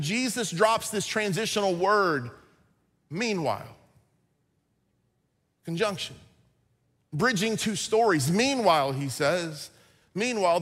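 A pastor preaching a sermon, dramatic and folksy, swinging between loud emphatic lines and hushed, slowed-down ones. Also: male voice, high voice, long reverb tail. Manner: casual, folksy asides. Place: church sanctuary.

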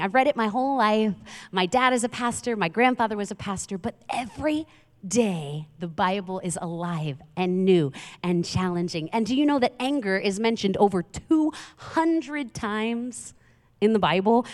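Woman pastor, mid-pitched, talky sermon delivery with lots of "right?", long reverb from a big hall. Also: moderate pace. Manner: conversational, animated, many rhetorical questions.

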